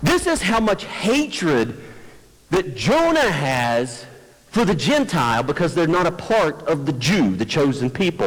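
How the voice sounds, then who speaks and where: Animated pastor preaching in a reverberant hall. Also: male voice, on the high side, a little slow. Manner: animated, conversational, self-deprecating. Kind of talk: sermon. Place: church sanctuary. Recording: long church hall reverb.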